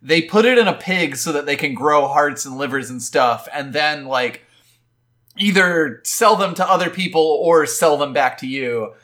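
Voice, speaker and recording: A man's voice: fairly high pitch, expressive, moderate pace, fairly bright tone. A man co-hosting a podcast, animatedly recapping an anime episode in casual chat and laughing often. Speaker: podcast co-host.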